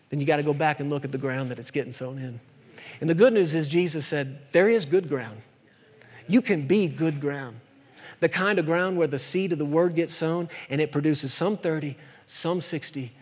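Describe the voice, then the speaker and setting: A man preaching a sermon, emphatic and full of rhetorical questions, sometimes racing, sometimes slowing right down. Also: on the high side, darkish tone, long reverb tail. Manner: emphatic, rhetorical questions, shifts between fast and slow delivery.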